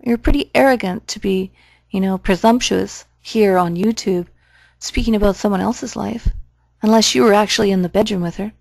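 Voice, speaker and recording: A woman's voice: medium pitch, normal speed, gravelly, darkish tone, no room sound. A woman commenting on a video in a sarcastic, challenging way, mocking the speaker's claims.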